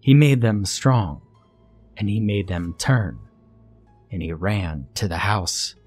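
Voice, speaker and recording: Slow, low-voiced male horror narrator. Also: darkish tone, breathy edge, soft background music. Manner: slow, measured storytelling. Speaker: story narrator.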